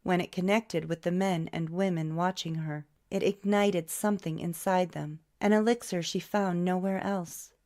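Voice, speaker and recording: Female audiobook narrator, slightly low pitch, reads all the roles herself. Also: fairly even intonation, moderate pace, hardly any pauses, darkish tone. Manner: reads every character's lines herself. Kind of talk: scripted narration.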